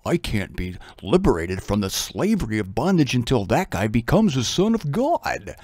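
A man's voice: sing-song, normal speed, darkish tone, dry recording, clean studio sound. A man putting on a gloomy old pet dog. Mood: pleading. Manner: low, droopy, sighing delivery. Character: mopey, pleading male dog longing for freedom.

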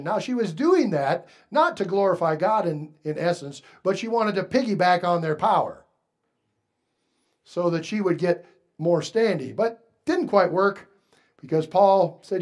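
A male pastor preaching a sermon slowly and emphatically, stretching out key words for weight. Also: high-pitched, animated, darkish tone.

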